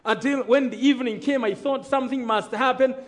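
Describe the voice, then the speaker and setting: Guy with a really high voice, preaching his testimony, dramatic storyteller, asks for amens. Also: fairly even intonation, fairly quick. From Rwanda. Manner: dramatic storytelling, acting out dialogue, calling for amens. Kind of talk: sermon testimony.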